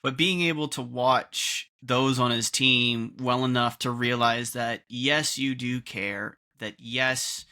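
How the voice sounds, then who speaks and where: A man's voice: mid-range voice, steady tone, takes it slowly, few pauses, pushed and bright. A man hosting a podcast, responding to his guest in a reflective, affirming way. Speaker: podcast host. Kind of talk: casual interview chat.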